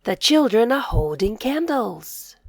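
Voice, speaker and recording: A woman teaching young children to read. She speaks slowly and clearly, says each word aloud, then echoes it in a whisper. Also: on the high side, very animated, studio quality. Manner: slow, clear, encouraging delivery for young learners. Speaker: reading teacher. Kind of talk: scripted children's reading lesson.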